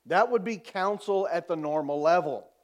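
A man preaching a sermon as pastor. He repeats lines for emphasis, calls out to the congregation and drops to a soft, quiet voice when quoting. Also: high voice, normal speed. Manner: preaching with call-and-response, repeating phrases for emphasis.

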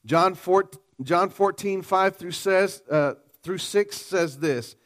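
A man's voice: high-pitched, slow, a bit bright. A man preaching a sermon in a church, emphatic and calling on the congregation to respond. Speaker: pastor.

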